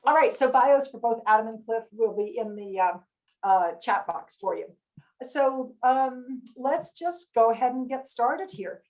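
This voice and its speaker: A woman with a somewhat high voice hosts an online panel, introducing guests in a friendly, chatty manner. She fills her sentences with ums and uhs as she moderates over a video call microphone. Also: expressive, measured pace, low-quality recording. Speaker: webinar host and moderator.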